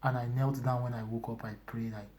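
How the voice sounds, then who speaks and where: A church brother gives a personal testimony in a mellow, mid-range male voice with a flat delivery at a fairly quick pace. He is emotional, swinging between loud emphasis and hushed whispers, and keeps repeating and restarting phrases. A little hiss or hum sits in the background.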